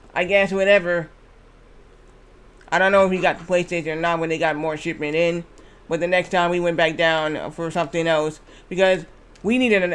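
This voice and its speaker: Male streamer, high voice, casual and repetitive storyteller chatting live. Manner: rambling, repetitive anecdote telling with restarts.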